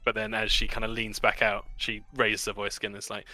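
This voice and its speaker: A man narrating a tabletop game as game master, in a relaxed, chatty way with many fillers. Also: on the low side, fast, hardly any pauses, dry recording, soft background music.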